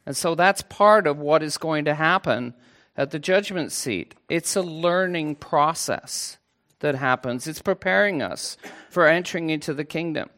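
A man preaching a sermon to a congregation, earnest and unhurried, with playful asides. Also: fairly high pitch, sharp tone.

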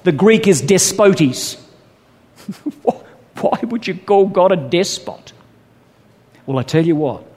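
A man preaching a sermon, calling his listeners brothers and sisters, stretching key words slowly and then rushing ahead with emphasis. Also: high-pitched, expressive, darkish tone. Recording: long hall reverb.

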